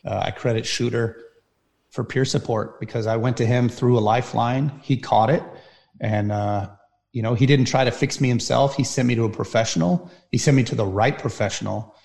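A man speaks as an interview guest, recounting his story in an earnest, halting way. His voice has a steady gravelly edge and sits in a middle register. He sometimes pauses and restarts as he talks. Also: mid-range voice. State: near tears at times. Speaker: firefighter guest.

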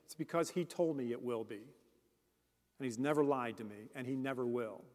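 A man's voice: mid-range voice, normal speed, darkish tone. A man preaching a sermon as a deacon, earnest and speaking directly to the congregation with questions. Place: church. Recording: long church reverb.

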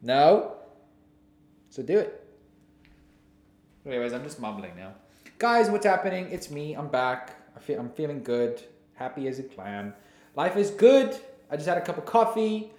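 Young male podcast host, goofy and rambling, high animated voice, roomy sound. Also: measured pace, long pauses. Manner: goofy, jumps between silly voices and mumbling. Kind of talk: casual solo podcast rambling.

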